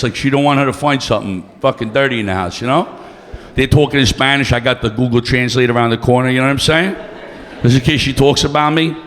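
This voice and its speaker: Brash profane comedian, echoing club. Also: male voice, mid-range voice, fairly quick, a bit bright. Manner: brash, profane, teasing the crowd. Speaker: stand-up comedian. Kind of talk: stand-up with crowd work. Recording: long reverb of a club room.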